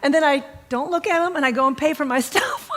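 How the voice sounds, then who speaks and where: A middle-aged woman minister giving a casual storytelling sermon, animated and laughing as she acts out dialogue. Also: sits high, a little hiss or hum.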